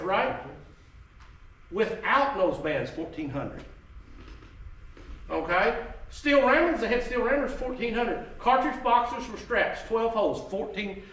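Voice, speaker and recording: A man with a high, slightly bright voice plays a reenactor talking history to a group. His delivery is folksy and emphatic, chatty, and full of drawling asides. He sounds distant, in an echoey room.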